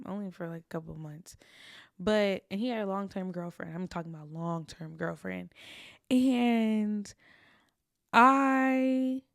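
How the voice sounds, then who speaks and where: A woman's voice: medium pitch, gravelly, dry recording, clean studio sound. A young adult woman hosting a podcast, telling stories about her own past in a candid, confessional way with casual slang. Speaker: podcast host.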